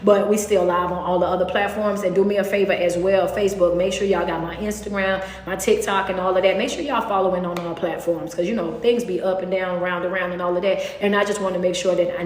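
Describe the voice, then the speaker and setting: A woman motivational speaker, talking casually on a livestream, animated and preachy, breaking into high excited bursts. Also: fairly quick, hardly any pauses. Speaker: motivational speaker and life coach. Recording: echoey room with long reverb.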